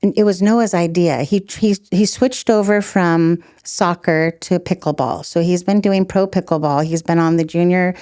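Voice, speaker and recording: A middle-aged woman telling stories as a podcast guest, animated, laughing often and acting out quotes. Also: on the low side, moderate pace, few pauses, no echo, clean studio sound. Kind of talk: storytelling in a podcast interview.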